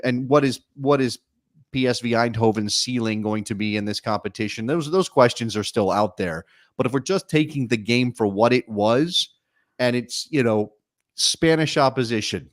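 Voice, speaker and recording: Wry animated soccer talk man. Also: medium pitch, no echo, clean studio sound. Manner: animated, wry, self-correcting restarts. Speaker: soccer show co-host. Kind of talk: casual sports talk.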